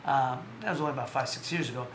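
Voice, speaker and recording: A man hosts a casual live stream about boxing, his mid-range voice racing along. He tells rambling, animated stories and often corrects himself. The echoey room carries faint background noise.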